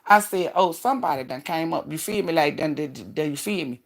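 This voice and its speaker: A man's voice: a little high, expressive, brisk, vocal fry. A man hosting a spiritual livestream, preaching in a profane, rambling way. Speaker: livestream host.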